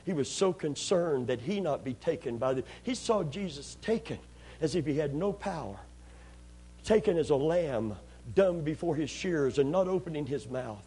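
A man preaching a sermon, acting out scenes as he goes and swinging between loud, excited bursts and hushed, low passages. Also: normal speed, husky.

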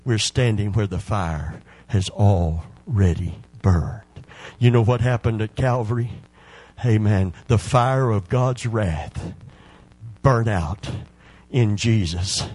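A man preaching a sermon, telling a story slowly and building to loud, fervent shouts of praise. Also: on the low side, no room sound. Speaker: pastor.

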